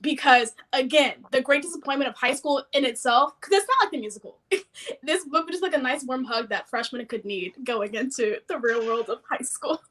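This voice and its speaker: A bubbly woman chats about a book over a video call and laughs often. Her voice is high and bright. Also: brisk. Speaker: book club panelist. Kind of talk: casual book discussion.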